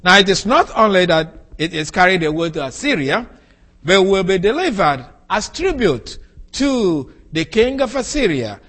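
A man giving an expository sermon, explaining scripture in a slow, deliberate and careful way. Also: sits high, big pitch swings, a bit bright, husky. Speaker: preacher.

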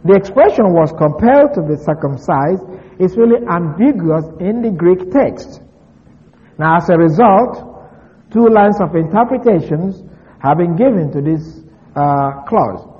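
A man giving a verse-by-verse Bible lesson, measured and deliberate, slowly stressing key words. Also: sits high, lively intonation. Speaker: Bible teacher. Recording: long reverb, dull lo-fi sound.

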